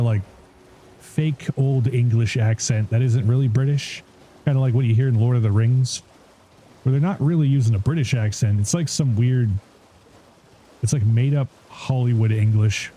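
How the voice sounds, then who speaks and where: Dark-voiced man chatting over gameplay. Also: mid-range voice, normal speed, a little hiss or hum. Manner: rambling, laughs often, swears, puts on joke voices. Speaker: streamer. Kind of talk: casual live gameplay chat.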